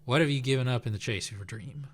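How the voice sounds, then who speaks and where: A man's voice: medium pitch, fast, close to an everyday voice. A man voicing a preachy male military general with a put-on Southern US accent, reading game dialogue aloud. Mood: solemn. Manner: solemn, sermon-like speechifying.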